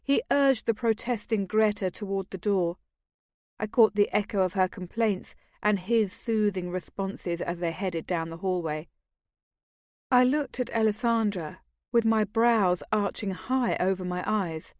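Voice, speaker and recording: A woman's voice: mid-range voice, a little slow, a little mellow, dry recording. Woman narrating an audiobook, dry sound. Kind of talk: scripted narration.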